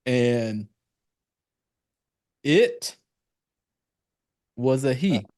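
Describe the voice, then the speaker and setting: A man's voice: mid-range voice, animated, very slow, darkish tone, no echo, studio quality. A man from South Carolina with a Southern accent, casually co-hosting a podcast and telling rambling, profane stories. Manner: profane, rambling storyteller with a country drawl. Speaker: podcast co-host. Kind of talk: casual chat.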